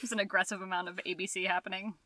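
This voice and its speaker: A woman's voice: medium pitch, flat delivery, sharp tone, no echo. A woman co-hosting a podcast, wry and laughing, drawing out her words. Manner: wry, laughing, drawn-out delivery. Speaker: podcast co-host. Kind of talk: sarcastic casual chat.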